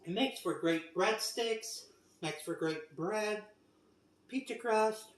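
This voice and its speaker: In a relaxed home-kitchen vlog, a woman samples what she cooked and can't stop effusing, emotional over how good it is. She speaks slowly in a mid-range voice; the mic sits far off, giving a roomy echo with slight background noise.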